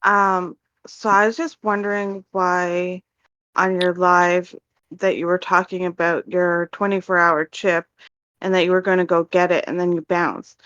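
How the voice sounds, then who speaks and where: A woman's voice: fairly low pitch, little pitch movement, measured pace, a bit bright, smooth. A woman with a Canadian accent calling in and asking probing but polite questions. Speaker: caller. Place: online voice call. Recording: dull, dry lo-fi call audio.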